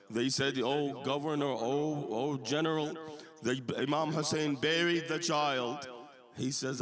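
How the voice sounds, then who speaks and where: A man's voice: fairly high pitch, unhurried, crowd noise. A man delivering a sermon, solemnly narrating and voicing the people in a mourning story. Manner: solemn storytelling with quoted exchanges. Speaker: speaker at a mourning gathering. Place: mosque hall with a congregation.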